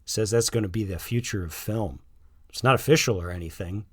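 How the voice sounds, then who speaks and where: A man's voice: lowish voice, fairly quick, slightly rough, no echo, clean studio sound. A man voicing a cheerful, teasing suburban father who works in animation. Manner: playful, teasing.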